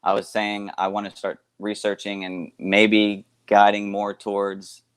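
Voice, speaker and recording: Low-voiced man rambling as co-host. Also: monotone, smooth. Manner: rambling, halting, laughs easily. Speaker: guest co-host. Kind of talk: casual podcast banter.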